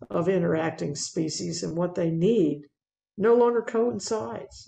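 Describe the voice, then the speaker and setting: Gravelly woman giving a slide talk. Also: on the low side, echoey room. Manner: conversational and animated, with fillers and repeats. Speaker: wildlife speaker presenting slides. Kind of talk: public talk narrating photos.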